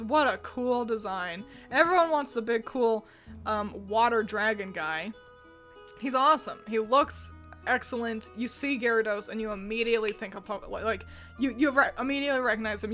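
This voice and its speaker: A woman's voice: a little high, fairly bright tone. A woman hosting a video, giving chatty, opinionated commentary with frequent filler words. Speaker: video host ranking designs.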